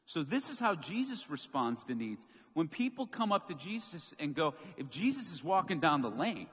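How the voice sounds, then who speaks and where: A man preaching a sermon as pastor, telling a story with lively, acted-out moments. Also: fairly high pitch, normal speed, breathy edge. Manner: animated storytelling, acts out quoted shouts. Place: church sanctuary. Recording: long church hall reverb.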